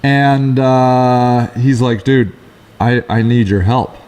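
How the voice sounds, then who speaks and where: A middle-aged man co-hosting a casual talk show, telling rambling stories in quick, lively bursts. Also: mid-range voice, clean tone. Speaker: co-host. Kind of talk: casual chat.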